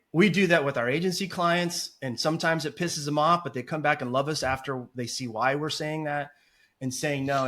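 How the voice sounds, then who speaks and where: A talkative man as a podcast guest, telling stories in animated, rambling interview chat. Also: on the high side. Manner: talkative and animated, apologizes for long answers. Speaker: podcast guest, agency founder.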